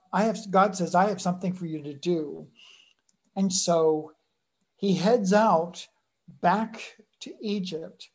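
A woman's voice: lowish voice, a little mellow. A woman giving a sermon in a conversational way, acting out short voices as she retells the story. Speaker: preacher.

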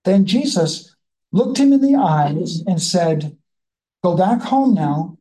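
Mellow-voiced, unhurried Bible study leader. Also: mid-range voice, lively intonation, low-quality recording. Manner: reads scripture slowly, then reflects in a chatty, musing way. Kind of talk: conversational Bible teaching.

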